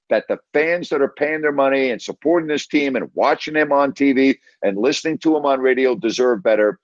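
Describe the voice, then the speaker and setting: Man, sports broadcaster, storytelling guest, quotes dialogue, mid pitch, dull audio. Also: no room sound. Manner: retells scenes with quoted dialogue. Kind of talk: anecdotal storytelling.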